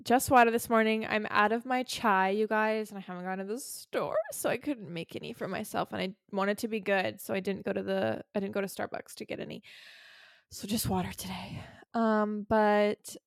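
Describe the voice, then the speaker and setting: An upbeat woman co-hosts a casual podcast chat, eager as she runs through her news. Her pitch is mid-range and the recording is close and dry. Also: fairly even intonation, normal speed, gravelly, no echo. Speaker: podcast co-host.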